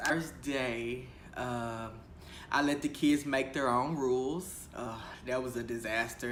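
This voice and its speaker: A young man, a teacher, telling stories from his first year in a casual, animated vlog, acting out the voices he quotes and laughing often. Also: medium pitch, measured pace. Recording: echoey room with faint ambient noise.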